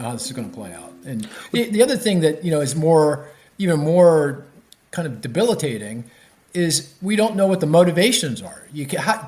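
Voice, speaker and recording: A man, an economist guest on a podcast interview, explaining with animated restarts and many fillers. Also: fairly high pitch.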